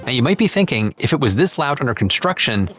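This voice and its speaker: A man's voice: medium pitch, fast, soft background music. A man giving polished scripted narration as a video host. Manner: polished, even delivery.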